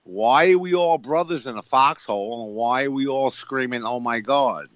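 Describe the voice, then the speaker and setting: A man's voice: medium pitch, moderate pace, no room sound. A man on a radio show talking about faith emphatically, repeating himself and asking rhetorical questions. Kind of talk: preachy spiritual talk. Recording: dull lo-fi radio sound.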